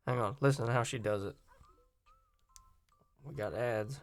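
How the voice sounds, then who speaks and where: A man's voice: mid-range voice, a little slow, long pauses, dry recording. A man from Virginia and Florida talking in a casual, rambling, opinionated monologue and often cutting himself off. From Virginia and Florida, USA. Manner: opinionated, rambling, self-interrupting.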